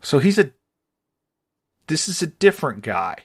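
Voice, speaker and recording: A man's voice: on the high side, sing-song, unhurried, vocal fry, slightly rough. A man co-hosting a podcast in casual chat, rambling and thinking aloud with restarts. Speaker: podcast co-host.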